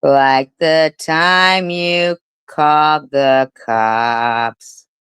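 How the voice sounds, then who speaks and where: A woman's voice: deep voice, very slow, a bit bright, clear, resonant tone, no room sound, poor audio. A woman hosting a livestream, talking in a profane, mocking and disgusted way. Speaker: livestream host. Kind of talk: casual livestream commentary.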